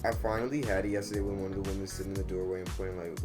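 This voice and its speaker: A lower-voiced man reads online posts aloud in a casual way while he plays a game. He keeps breaking off into loud, profane rants, and clear music plays under him the whole time. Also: very fast. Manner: profane, loud, animated ranting. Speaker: streamer reading and reacting to online stories. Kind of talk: casual gaming commentary with rants. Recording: gameplay music behind the voice.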